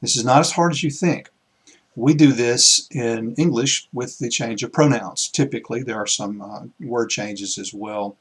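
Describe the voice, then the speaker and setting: A man teaching a recorded lecture, explaining patiently with pauses and small restarts as he writes. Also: medium pitch, breathy edge.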